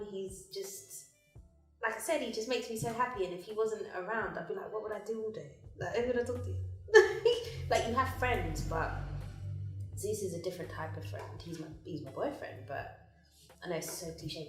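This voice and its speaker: A woman's voice: mid-range voice, far from the mic. A young woman, chatting casually and giggling about her relationship on a couples chat show. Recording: echoey room with music underneath.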